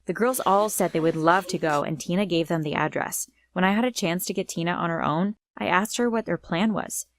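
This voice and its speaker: A woman's voice: lowish voice, brisk. A young woman giving a dramatic first-person storytime narration. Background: faint music.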